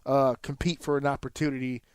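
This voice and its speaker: A man in his thirties co-hosting a casual podcast, telling a sports story in an animated, profane way and jumping up sharply in pitch when excited. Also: a little fast, clean tone, dry recording. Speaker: podcast co-host.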